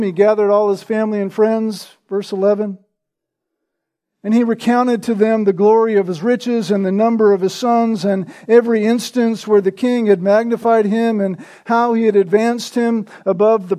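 A man preaching a sermon with a notably high, light voice. His tone is mellow and warm rather than bright. He tells his stories conversationally and keeps checking in with the congregation through rhetorical questions. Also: fairly even intonation, normal speed. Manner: conversational storytelling, asks the listeners rhetorical questions. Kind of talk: expository sermon.

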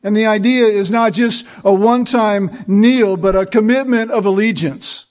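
A man's voice: high voice, normal speed, few pauses, darkish tone. A man preaching a sermon, earnest and emphatic, building points through repetition. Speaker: pastor.

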